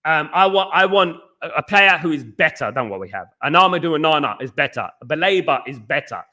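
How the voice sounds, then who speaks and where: A man's voice: fairly high pitch, lively intonation, brisk, pushed and bright. A middle-aged man from East London with a Cockney accent, hosting a rambling live football chat and reading out viewer comments. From East London, England. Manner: rambling, repeats himself, reads out viewer comments. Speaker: podcast host. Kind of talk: casual live-stream chat.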